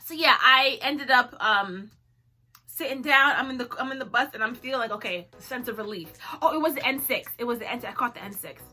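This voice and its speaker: Bright, high-voiced young woman storyteller. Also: fairly quick. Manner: animated, dramatic storytelling with frequent laughs. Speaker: vlogger. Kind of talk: storytime chat.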